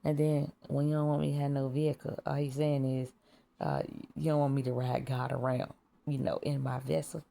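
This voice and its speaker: A woman's voice: very deep voice, little pitch movement, fairly quick, vocal fry, mellow. A woman in a casual spiritual monologue, talking bluntly and profanely, laughing at her own jokes and sometimes dropping to a whisper. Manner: drops to whispers at times. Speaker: vlogger.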